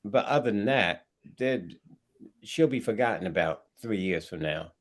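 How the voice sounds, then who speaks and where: A man's voice: lowish voice, expressive, normal speed. A man on a talk panel, making his points emphatically with frequent ums. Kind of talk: casual debate.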